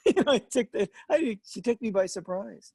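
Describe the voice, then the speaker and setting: An older man with a gravelly, husky voice tells lively stories in a relaxed interview. He laughs often and slips into the voices of the people he quotes. The sound is dry and close. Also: high voice, moderate pace, dry recording. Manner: animated, laughing, acts out quoted lines. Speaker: guest, veteran actor and voice artist. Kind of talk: casual interview storytelling.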